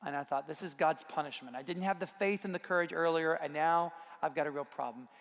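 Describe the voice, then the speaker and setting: A man with a slightly higher voice and a gravelly edge tells a self-deprecating story to a conference audience. His voice carries a long reverb from a large hall. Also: fairly quick, a bit bright. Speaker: conference speaker. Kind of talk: storytelling talk.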